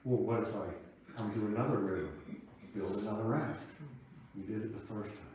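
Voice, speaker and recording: A man's voice: fairly low pitch, a little fast, distant mic, a little hiss or hum. Man preaching in an echoey hall. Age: 50s. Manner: conversational, reflective storytelling with soft asides. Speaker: minister. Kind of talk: sermon. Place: church sanctuary.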